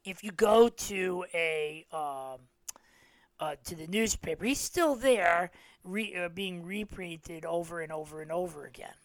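A man's voice: sits high, unhurried, dry recording. A middle-aged man hosting a podcast, casually retelling holiday specials and acting out the quoted lines, with many fillers. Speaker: podcast host.

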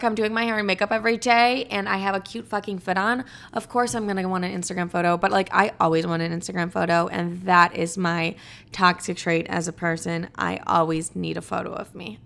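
A woman's voice: medium pitch, steady tone, moderate pace, vocal fry, bright, forceful tone. A woman in her twenties hosting a casual solo podcast, chatty and playful, swearing freely and saying "like" constantly. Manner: chatty, profane, playful, says "like" a lot. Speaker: podcast host.

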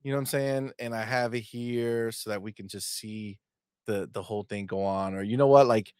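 A man's voice: fairly low pitch, steady tone, moderate pace, darkish tone, clear, resonant tone, no echo, studio quality. A man co-hosting a casual gaming show, cheering his co-host on with hyped, laughing banter. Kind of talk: casual chat.

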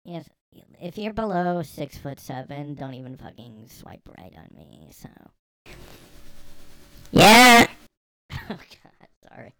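A man's voice: a little high, big pitch swings, unhurried, darkish tone, reverberant, in a large hall, voice pushed up. A man putting on an exaggerated, brash, woman-like mock voice with a mocking, over-the-top delivery.

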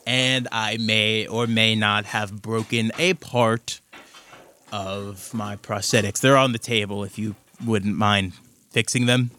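An easygoing, good-humoured winged creature fallen to earth, as a man puts him on. He talks with a relaxed, chuckling ease, his bright voice heard a little off-mic. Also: lowish voice, takes it slowly, a little hiss or hum. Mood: amused. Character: amused, gentle one-winged male fallen creature.

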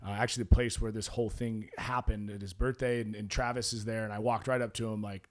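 A man, a former pro athlete and gym founder, chatting as a podcast guest and acting out quoted dialogue in a relaxed storytelling way. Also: mid-range voice, brisk. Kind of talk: casual chat.

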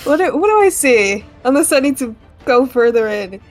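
Female player, a bit high, exclaims a lot, faint music behind. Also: big pitch swings, normal speed, a little mellow. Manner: exclaims in disbelief. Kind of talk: casual tabletop play.

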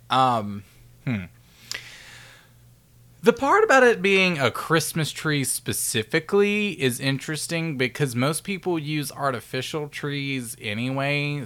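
A podcast co-host with a bright, forward tone that talks in a loose, rambling way. This speaker reacts in an animated way and giggles often between thoughts. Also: medium pitch. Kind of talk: casual podcast chat.

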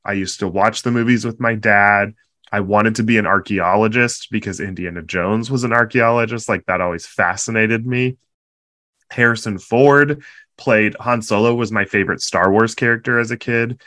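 A man's voice: lowish voice, normal speed, pushed and bright, dry recording. A man co-hosting a casual chat, recounting a moving moment with emotional enthusiasm. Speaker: podcast co-host.

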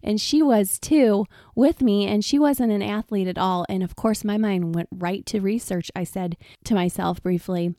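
A woman in her forties, chatty and laughing often, telling personal stories in a relaxed podcast monologue. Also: mid-range voice, moderate pace, hardly any pauses, no room sound, clean studio sound. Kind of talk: casual personal storytelling.

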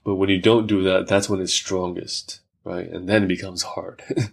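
Lower-voiced man, reflective podcast talk. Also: little pitch movement, moderate pace, vocal fry, husky. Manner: reflective, many fillers, talks through examples. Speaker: podcast host. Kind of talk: casual conversation.

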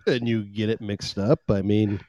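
Man from Maine, podcast co-host, wry teasing, mellow voice, dry sound. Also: lowish voice, steady tone, moderate pace, dry recording, muffled recording. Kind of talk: casual chat.

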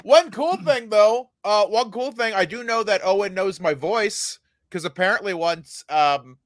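A man co-hosting a comedy podcast, cracking crude jokes and stammering through quick restarts. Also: high voice, no echo, studio quality. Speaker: podcast co-host. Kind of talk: casual comedy podcast banter.

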